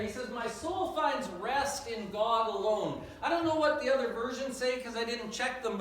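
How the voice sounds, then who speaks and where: A man preaching a sermon in an earnest, emphatic way, dropping low and quiet on key phrases. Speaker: pastor. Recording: echoey and distant, faint noise.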